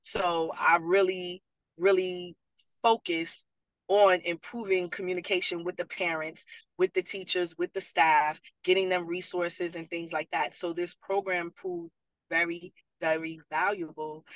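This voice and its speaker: This woman, a parent liaison and program graduate, tells animated stories on a casual panel and acts out what other people said. Her voice is fairly low and her pace measured. The recording is rough, with no room sound.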